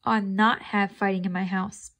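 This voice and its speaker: A woman voicing a stern mother who scolds in a slow, booming voice. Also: flat delivery, a bit bright, natural voice.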